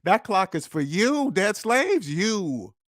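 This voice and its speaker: A man delivers a preachy personal finance monologue straight to his viewers, leaning hard on repetition for emphasis. His voice sits a little high for a man. The recording is dry and close, with no room sound. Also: very animated, slow pace, fairly bright tone, dry recording. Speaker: personal finance channel host. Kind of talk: preachy direct-to-camera monologue.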